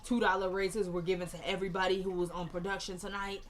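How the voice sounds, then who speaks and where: A woman's voice: medium pitch, quick pace, slight background noise. A young woman casually recapping a TV episode on her vlog, chatting and acting out the dialogue. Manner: animated, acts out dialogue, chatty. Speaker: TV show reviewer. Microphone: camera mic.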